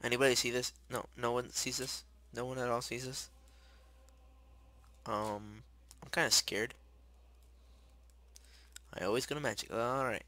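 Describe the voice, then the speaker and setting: Bright, chatty young gamer guy. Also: mid-range voice, unhurried, pauses often. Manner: chatty, rambling, excitable, shouts when startled. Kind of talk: casual gameplay commentary.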